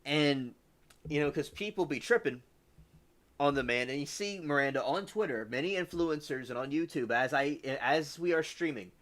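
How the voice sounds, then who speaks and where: A man's voice: fairly high pitch, moderate pace, a bit bright. Rambling man hosting a livestream. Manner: rambling, reads chat aloud and answers viewers. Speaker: livestream host. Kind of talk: casual livestream chat.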